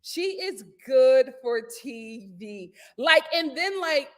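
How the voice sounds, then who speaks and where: A young woman hosting a casual reality-TV recap, animated and laughing often as she acts out what people said. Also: high voice, slow pace. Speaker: YouTube host reviewing a reality show.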